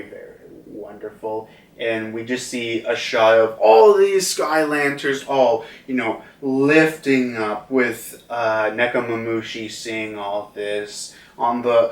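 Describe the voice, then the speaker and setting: A man's voice: medium pitch, takes it slowly, few pauses. A man giving a casual manga chapter review, rambling with lots of fillers. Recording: roomy echo, distant mic.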